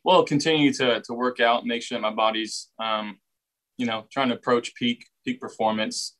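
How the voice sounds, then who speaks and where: A young man, a football quarterback, answering reporters' questions in a relaxed way, often repeating words as he finds his phrasing. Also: mid-range voice, normal speed, rough recording. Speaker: football quarterback at a press session. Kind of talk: casual press interview answers.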